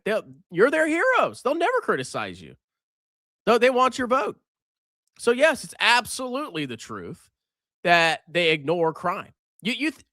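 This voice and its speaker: A man's voice: a little high, pushed and bright, no echo. A man hosting a livestream, ranting in a sarcastic, combative, mocking way. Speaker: livestream host.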